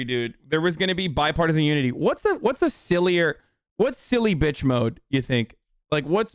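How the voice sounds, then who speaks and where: A man's voice: on the high side, clear, resonant tone, no room sound, studio quality. A man streaming political commentary, ranting with constant profanity and mocking sarcasm.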